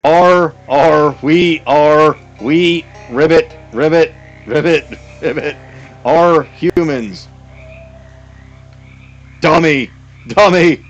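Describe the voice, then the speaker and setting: A rude chorus of cursed frogs croaks and whines in short, blunt bursts, voiced by a man. The voice sits a little higher and louder than his normal speech. Faint game music plays underneath. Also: takes it slowly, muffled recording. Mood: mocking. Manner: croaky chanting, blunt one-word complaints.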